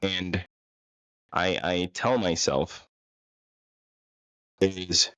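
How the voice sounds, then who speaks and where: A man's voice: deep voice, fairly bright tone, no room sound. A man telling a casual, rambling, self-deprecating story about a bad date, full of fillers and restarts.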